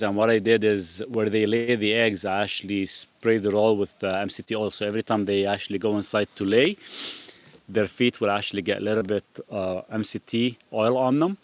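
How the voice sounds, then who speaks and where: A man's voice: lowish voice, no echo. A man hosting a casual live Q&A outdoors in a backyard with chickens. He rambles, restarts his sentences and leans on the word "actually". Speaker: host.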